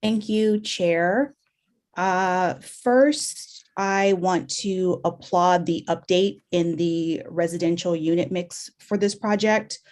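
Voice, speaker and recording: A woman's voice: fairly low pitch, takes it slowly, a little mellow. A woman commissioner giving prepared remarks at a public meeting, losing her voice. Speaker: planning commissioner.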